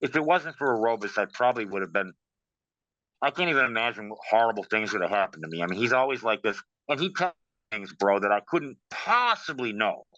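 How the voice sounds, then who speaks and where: A man talking casually in an interview, telling stories in a lively way and saying "man" and "bro" a lot. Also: lowish voice, fairly quick, no room sound. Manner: animated storytelling, says "man" and "bro". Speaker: guest practitioner. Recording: dull, dry sound.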